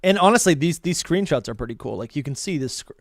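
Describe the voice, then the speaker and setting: A man co-hosting a podcast in casual chat, excitable, often stumbling and restarting, who also reads entries aloud. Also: fairly high pitch, fast talker, no room sound. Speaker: podcast co-host.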